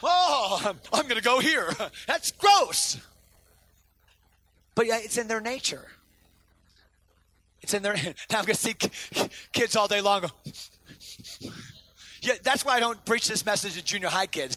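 A man preaching a sermon to a congregation as pastor, animated and swinging between loud outbursts and quiet intensity. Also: high-pitched, dry recording. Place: church sanctuary before a congregation.

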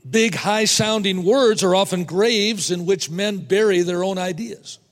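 A man preaching a sermon to fellow preachers, emphatic, repeating words and slowing down to stress points. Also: sits high, long reverb tail. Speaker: preacher teaching other preachers.

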